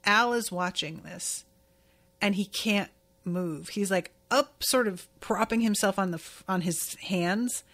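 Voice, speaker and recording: A woman's voice: medium pitch, measured pace, a bit bright. A woman hosting a podcast, recapping an episode in a casual, candid way and swearing now and then. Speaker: podcast host.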